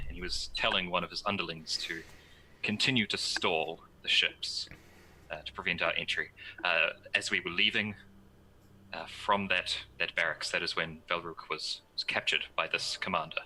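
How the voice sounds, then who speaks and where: A man speaking in character as a player in a tabletop game, formal and halting. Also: sits low, steady tone, bright, forceful tone, a little hiss or hum, rough recording.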